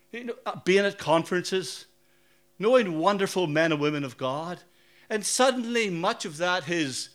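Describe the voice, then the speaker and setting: Northern Irish preacher, conversational. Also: male voice, fairly high pitch, fairly bright tone. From Northern Ireland. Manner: conversational, anecdotal, asks the audience questions. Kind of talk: sermon with personal stories.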